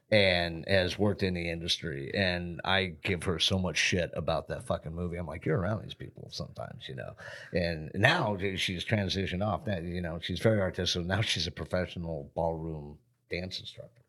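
A man's voice: low voice, moderate pace, fairly bright tone. A middle-aged man co-hosting a casual podcast chat, telling rambling, profane stories and laughing often. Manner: profane, rambling storyteller who laughs a lot. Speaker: podcast co-host.

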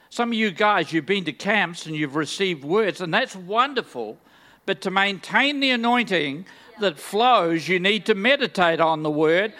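A man's voice: sits high, pushed and bright. An older man preaching a sermon in a large church, enthusiastic and full of joking, self-deprecating asides. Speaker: guest preacher.

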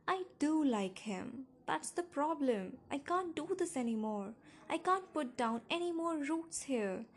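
Brief: woman narrator doing a distraught teen girl shouting through tears, audiobook. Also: high-pitched, animated, drawn-out words, pitched above the performer's own voice, full character voice. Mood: pleading angry. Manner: yelling and shrieking through tears. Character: anguished teenage girl, desperate, tearful.

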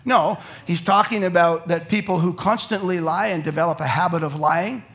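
A man's voice: high voice, normal speed. A middle-aged man preaching a sermon to a live congregation in a church, telling jokes and acting out little scenes as he goes. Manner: lively, joking storyteller who acts out quotes. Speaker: pastor.

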